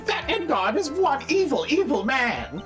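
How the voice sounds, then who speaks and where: A woman voicing a nosy, gossipy old woman in a game voice-acting session, talking with bossy excitement. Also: sits high, a little slow, faint music behind, pitched above the performer's own voice. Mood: gossiping. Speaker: game voice actor.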